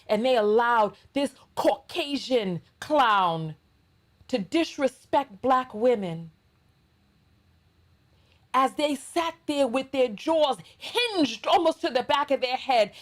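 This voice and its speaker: Brief: middle-aged New York woman, high voice, slow, emphatic drawl, blunt sassy commentary host. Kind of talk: reaction commentary monologue.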